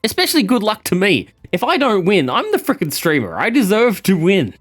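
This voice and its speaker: A man streaming a game, chatting casually with viewers, animated and cursing freely. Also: high voice, brisk, faint music behind. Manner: animated, swearing, laughing at the game. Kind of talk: casual live-stream chat.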